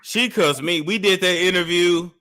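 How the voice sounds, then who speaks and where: A man's voice: sits high, normal speed. A man chatting casually as a guest on a gossip show, joking and telling stories. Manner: lively, joking, storytelling. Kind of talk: casual celebrity gossip chat.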